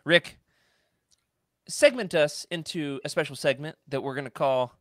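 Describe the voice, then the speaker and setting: A man's voice: on the high side, measured pace, pauses often, a bit bright, no echo, clean studio sound. A man co-hosting a podcast in casual chat, joking around and laughing often. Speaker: podcast co-host.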